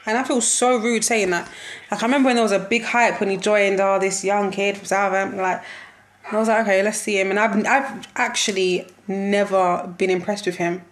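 A woman's voice: medium pitch, fairly even intonation, fairly quick. A young woman giving a casual football match reaction, slangy and exasperated, laughing often as she talks.

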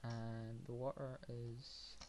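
A man talks his way through a building game in a mid-pitched voice, wandering from thought to thought with plenty of ums and hums. His remarks stay casual and laid-back, with dry, sarcastic asides. A faint hiss sits underneath. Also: flat delivery, slow pace, darkish tone. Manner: meandering, thinking aloud with many fillers. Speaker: gamer. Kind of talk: casual gameplay commentary.

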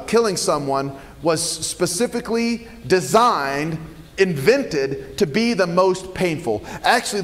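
A pastor preaching a sermon in a church, earnest and emphatic with dramatic pauses. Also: male voice, on the high side, big-room sound. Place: church sanctuary.

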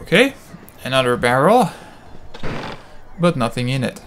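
A man's voice: mid-range voice, sing-song, unhurried, fairly bright tone, slight background noise. A man hosting a video game playthrough, talking casually and joking as he plays. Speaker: let's play host. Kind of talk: gaming commentary. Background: game music.

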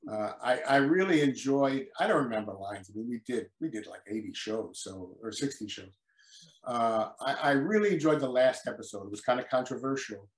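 A man's voice: mid-range voice, normal speed. Older guy telling stories from his acting days, does little bits of dialogue, roomy echo. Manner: animated storyteller, acts out quotes. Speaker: guest actor. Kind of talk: casual interview. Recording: echoey room.

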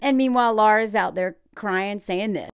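A married adult woman giving blunt, animated reaction commentary on a reality show, with mocking impressions and laughs. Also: medium pitch, moderate pace, clear, resonant tone.

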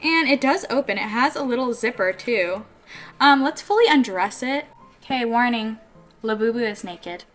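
A woman vlogger chatting excitedly to her viewers as she unboxes collectible toys, gushing and struggling with the packaging. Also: sits high, normal speed, faint music behind. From California, USA. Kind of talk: casual unboxing vlog.

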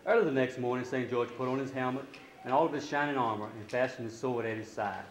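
A man reading a storybook aloud to a class, steady and expressive, lifting his voice for quoted lines. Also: mid-range voice, fast talker, roomy sound, a little hiss or hum, poor audio.

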